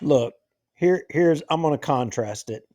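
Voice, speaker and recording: A man hosts a local political talk show, and he rants with open indignation. His voice sits high and leaps up and down as he presses each point. The sound is dry and close, with no room in it. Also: animated, a little slow, warm tone, no room sound. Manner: ranting, indignant. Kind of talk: heated political commentary.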